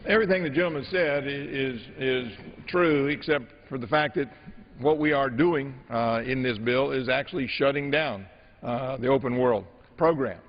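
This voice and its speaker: A man managing a floor debate as a legislator, speaking in a measured, halting way with many filler pauses. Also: mid-range voice, slight background noise. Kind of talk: formal floor debate speech. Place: large legislative chamber. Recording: dull audio in an echoing chamber.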